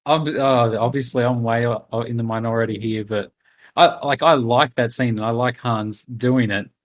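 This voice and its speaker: A man's voice: medium pitch, fairly even intonation, normal speed. A man co-hosting a casual film podcast, talking hesitantly and often trailing off with "I don't know". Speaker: podcast co-host.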